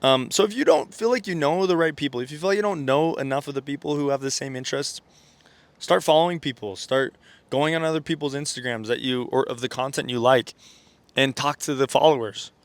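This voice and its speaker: A man's voice: medium pitch, a little fast, no room sound. Rambling congested man, dry close sound. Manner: rambling, full of fillers and self-corrections; keeps checking in with "okay?" and "right?". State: stuffy, congested sinuses. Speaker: self-improvement content creator. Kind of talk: casual motivational vlog monologue.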